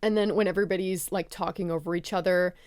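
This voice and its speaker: Profane, animated woman reviewing a film. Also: lowish voice, fast talker, no room sound, studio quality. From ex-Catholic. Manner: expressive, profane, gushing. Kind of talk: casual film review monologue.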